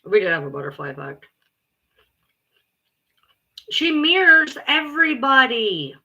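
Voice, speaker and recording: A woman livestreaming and chatting casually, blunt, exasperated and quick to swear. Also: a little high, big pitch swings, bright, forceful tone, dull audio.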